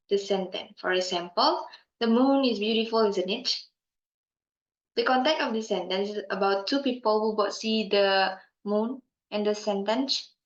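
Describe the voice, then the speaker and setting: A young woman giving a class presentation, speaking slowly and carefully with pauses and fillers. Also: medium pitch. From Indonesia. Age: young adult. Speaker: student presenter. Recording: muffled sound in an echoey room.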